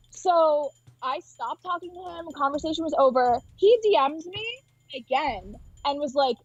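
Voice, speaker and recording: A young woman being interviewed, telling a story in a quick, offhand way full of "like" and quoted dialogue, over dull, dry audio. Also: high voice, animated, a little mellow, no room sound. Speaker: interview guest.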